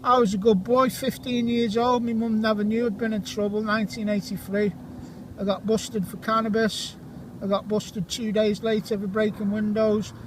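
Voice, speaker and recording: A man in his forties with a fairly high voice rambles through casual commentary as he sweeps a field with a metal detector. He is jokey and chatty, teasing friends and handing out shout-outs between finds, recorded outdoors. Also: flat delivery, moderate pace, noisy background. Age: 40s.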